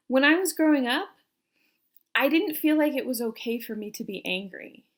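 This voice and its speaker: Young woman with a high voice, earnest and confiding, talking straight to her viewers. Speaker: personality coach. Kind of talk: direct-to-camera self-help talk.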